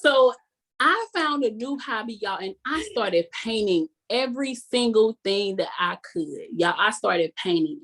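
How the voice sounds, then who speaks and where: A woman life coach giving a motivational talk in a folksy, sermon-like way, repeating key phrases slowly for emphasis. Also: medium pitch, fairly bright tone. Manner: folksy and sermon-like, calls the audience "y'all" constantly.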